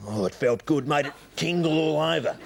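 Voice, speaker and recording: A man's voice: on the high side, brisk, vocal fry. A man trading crude comic banter full of innuendo. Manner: bawdy, innuendo-laden, laughing. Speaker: comedy sketch performer.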